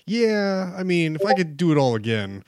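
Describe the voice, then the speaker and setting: A man's voice: high voice, very animated, moderate pace, no echo, studio quality. A man co-hosting a casual podcast, teasing and joking with the group. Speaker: podcast co-host. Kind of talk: casual banter.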